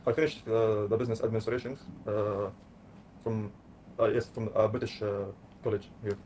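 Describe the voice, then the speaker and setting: A man reading chat comments aloud on a casual livestream, with frequent pauses and fillers. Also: lowish voice, level tone, a little mellow, slight background noise. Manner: hesitant, many uh fillers. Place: home in Kuwait.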